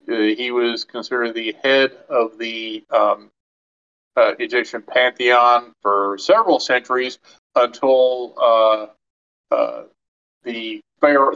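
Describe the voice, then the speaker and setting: A man running a tabletop game as game master, explaining in a halting way with many fillers. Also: mid-range voice, fairly bright tone, clear, resonant tone, muffled recording.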